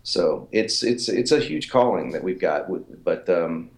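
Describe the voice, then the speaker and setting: A man's voice: deep voice, animated, measured pace, creaky, reverberant. A man in his forties, a fitness author and coach, telling stories in a casual interview with many fillers and repeated words. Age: 40s.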